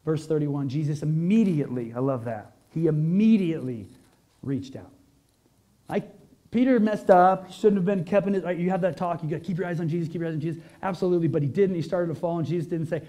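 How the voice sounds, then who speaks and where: A man's voice: a little high, fast talker, mellow. A male pastor preaching a conversational sermon to a congregation, full of rhetorical questions and emphatic peaks.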